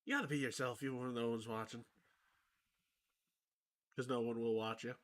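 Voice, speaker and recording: A man's voice: medium pitch, steady tone, moderate pace. A man streaming solo, chatting playfully and mocking himself, slipping into mock-announcer asides, with a mixed accent that is hard to place.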